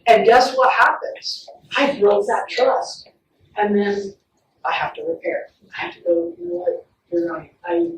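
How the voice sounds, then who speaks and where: A woman play therapist giving a faith-based parenting talk, telling stories with animated acted-out quotes. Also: medium pitch, a little hiss or hum. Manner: warm, animated storytelling with acted-out quotes and laughs. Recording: echoey room, picked up from a distance.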